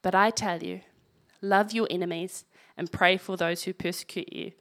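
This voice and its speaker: A woman's voice: lowish voice, fairly even intonation, moderate pace, fairly bright tone. A woman preaching a sermon, reading scripture aloud and breaking in with wry, conversational asides.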